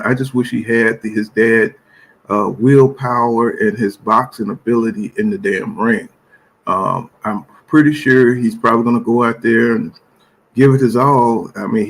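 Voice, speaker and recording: A man talks boxing in a loose, rambling live-stream manner, leaning on "you know what I'm saying" between almost every thought. His voice sits at an ordinary middle pitch with a gravelly, fry-tinged edge. He sounds relaxed and blunt, dropping profanity freely. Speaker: boxing channel host. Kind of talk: casual live-stream commentary.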